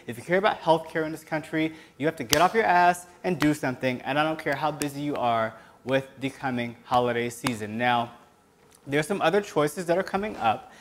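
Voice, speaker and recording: A man hosts his own web show, delivering sarcastic political commentary with passion and sometimes yelling. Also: on the high side, a little hiss or hum. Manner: impassioned, sarcastic, breaks into yelling. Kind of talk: solo political commentary rant.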